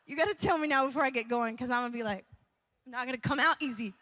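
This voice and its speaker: A woman's voice: high voice, racing, bright, forceful tone, in a large hall. A young woman worship leader giving a chatty, rambling church talk, laughing often and using many fillers. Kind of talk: sermon-like personal talk. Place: church event.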